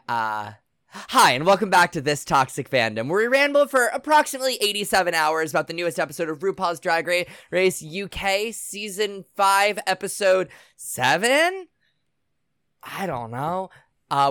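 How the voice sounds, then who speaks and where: A woman's voice: lowish voice, lively intonation, moderate pace, fairly bright tone, dry recording. Playful female podcast host, dry sound. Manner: playful, teasing host patter. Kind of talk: casual podcast chat.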